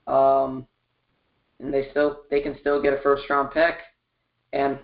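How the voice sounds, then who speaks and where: A man's voice: medium pitch, completely flat delivery, slow, gravelly, echoey room, phone-quality sound. A man co-hosting a casual sports podcast, giving confident, emphatic opinions. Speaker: co-host.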